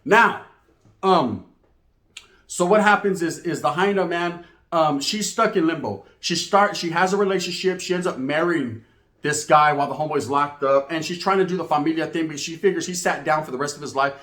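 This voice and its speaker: A man telling street stories in a loose monologue, full of slang and swearing. His voice sits fairly high for a man, and the room around him rings with echo. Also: moderate pace. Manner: slang-heavy, profane, animated. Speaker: storyteller host. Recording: echoey room.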